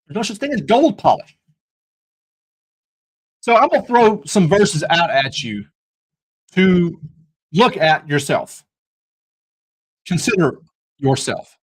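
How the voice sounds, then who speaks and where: Husky man hosting a Bible study stream. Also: fairly high pitch, rough recording. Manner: earnest, preacherly, jokey asides. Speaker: podcast host. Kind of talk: livestreamed Bible study talk.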